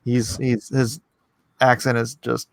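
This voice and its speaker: A man hosting a casual livestream, animated and jokey, reading chat and bantering with his co-host. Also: medium pitch, takes it slowly, vocal fry. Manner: animated and jokey, breaks into laughs.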